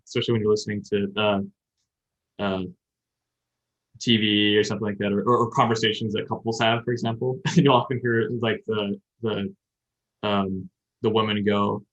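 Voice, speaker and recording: The speaker is a man who hosts a podcast on Japanese, giving long, casual grammar explanations while thinking aloud. His voice is fairly low in pitch with a slightly bright tone, heard through dull lo-fi sound.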